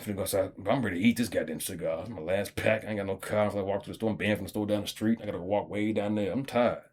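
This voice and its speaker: A man's voice: on the low side, very fast, a little mellow. A man delivering a rambling, profane vlog monologue in a streetwise way, often checking in with his listeners. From Kentucky. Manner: streetwise, profane, keeps asking "you feel me". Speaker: vlogger.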